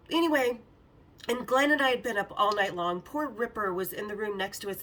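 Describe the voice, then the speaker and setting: A podcast host tells candid stories on her own show in a frank, profane way, laughing often. Her medium-pitched voice is bright and forceful, picked up by a distant mic.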